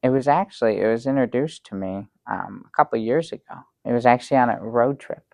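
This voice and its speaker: An actor playing a naive, dim-witted male sidekick who rambles earnestly with many halting ums in an improv comedy sketch. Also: mid-range voice, gravelly, warm tone, dry recording, natural voice. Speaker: show regular.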